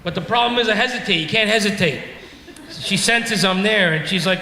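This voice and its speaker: Ranting comedian with a gravelly, bright voice. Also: male voice, sits high, fairly quick, a little hiss or hum. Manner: ranting, exasperated, self-mocking. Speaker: stand-up comedian. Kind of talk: stand-up comedy set. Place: comedy club stage with laughing audience. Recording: echoey club room with reverb.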